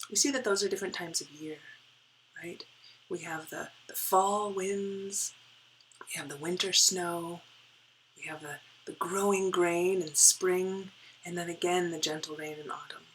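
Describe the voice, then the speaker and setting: A woman teaching a poetry lesson, explaining step by step and often checking in with "right?", dropping to a soft whisper as she reads lines aloud. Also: fairly low pitch, slight background noise, low-quality recording. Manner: drops to a soft whisper while reading and counting. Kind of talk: poetry lesson with board work.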